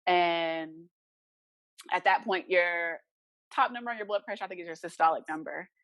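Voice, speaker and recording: A woman guest in an interview, telling a personal story in a casual, animated way and acting out the people in it. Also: lowish voice, moderate pace, no room sound. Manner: animated, acts out dialogue in her story.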